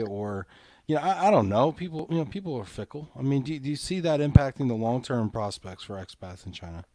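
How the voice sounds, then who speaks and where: A man's voice: mid-range voice, animated, brisk, mellow, dry recording. A man hosting a live interview show, upbeat, reading viewer comments aloud and asking follow-up questions. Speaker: host.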